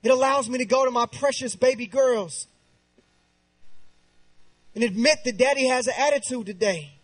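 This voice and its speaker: A man in his thirties preaching a sermon with passion, dropping to a hushed tone when he tells a personal story. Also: extremely high pitch, moderate pace, low-quality recording.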